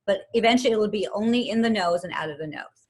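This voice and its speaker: A woman teaching yoga and meditation, calmly guiding a breathing exercise step by step and counting the breaths aloud. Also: medium pitch, quick pace, slight background noise. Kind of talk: guided breathing instruction.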